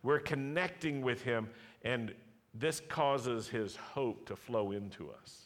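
A man's voice: mid-range voice, lively intonation, takes it slowly. A man preaching a sermon and leading prayer before a live congregation, with emphatic, rising declarations and repeated rhetorical questions. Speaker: pastor. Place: congregation hall, live service. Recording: long hall reverb.

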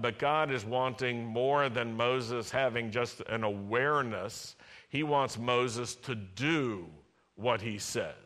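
Bright-voiced, unhurried male preacher. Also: mid-range voice. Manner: animated, acts out voices, has the congregation repeat lines. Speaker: pastor. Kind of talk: sermon.

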